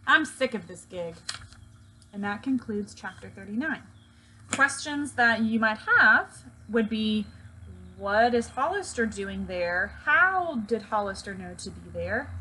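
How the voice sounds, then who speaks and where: A woman teacher greets her students and reads a children's novel aloud in a friendly, expressive way. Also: fairly high pitch, slight background noise.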